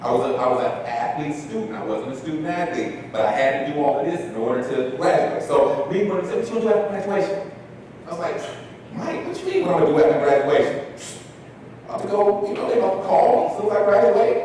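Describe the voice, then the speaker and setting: Man, animated storyteller, lively pitch, distant mic, echoey hall. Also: quick pace, a little hiss or hum. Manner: animated storyteller acting out dialogue. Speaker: speaker. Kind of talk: storytelling keynote talk. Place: large hall. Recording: echoey hall recording from far off.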